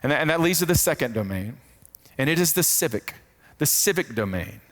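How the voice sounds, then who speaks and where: A man's voice: fairly high pitch, big pitch swings, brisk, a bit bright. A man giving a teaching talk on faith and work, repeating key phrases for emphasis and often restarting his sentences.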